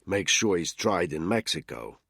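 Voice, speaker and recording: A man voicing a cool, aloof male intelligence handler in an audiobook, measured and curt with a lecturing tone and a husky voice. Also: low voice, very animated, bright, forceful tone, no echo, studio quality, full character voice.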